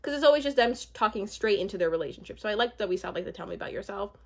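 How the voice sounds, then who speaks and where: A woman's voice: mid-range voice, expressive, very fast. A young woman in casual chat, rambling with many fillers and asides as she recaps a reality show.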